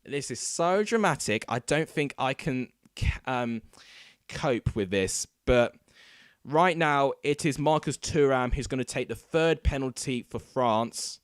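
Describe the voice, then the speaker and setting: A man hosting a football watchalong, giving excitable live commentary into a desk microphone and breaking into shouts at big moments. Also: mid-range voice, unhurried, smooth, no echo, clean studio sound. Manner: excitable, erupting into shouts at goals.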